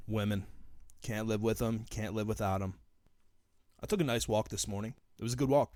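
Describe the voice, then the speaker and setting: A man's voice: on the low side, brisk, pauses often, darkish tone, no room sound, clean studio sound. A young man hosting his own podcast, talking alone in a casual, profane, ranting way. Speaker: podcast host. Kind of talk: solo podcast monologue.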